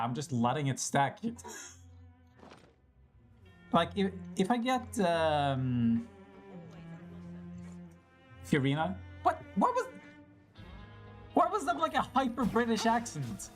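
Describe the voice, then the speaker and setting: A streamer casually commenting on a game, swearing and joking at the characters. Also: mid-range voice.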